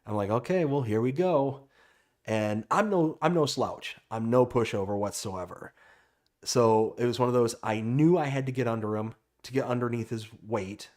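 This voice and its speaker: A man hosting a livestream chat, telling stories in an animated way and asking easygoing questions. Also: medium pitch, moderate pace. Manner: animated storyteller, asks easy questions. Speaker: host.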